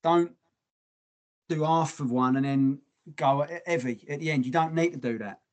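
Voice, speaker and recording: A man's voice: a little high, normal speed. A man co-hosting a podcast in casual chat, blunt and swearing freely. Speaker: podcast co-host.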